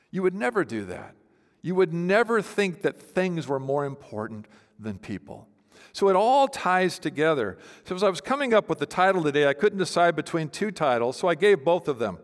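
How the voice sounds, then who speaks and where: A man preaching an expository sermon, emphatic and teacherly, asking the congregation questions. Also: a little high. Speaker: pastor. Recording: long hall reverb.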